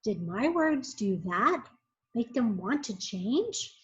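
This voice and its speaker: A woman reading aloud, voicing an excited young boy who shouts high and loud when he is upset. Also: unhurried, exaggerated voice. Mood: amazed. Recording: muffled lo-fi recording.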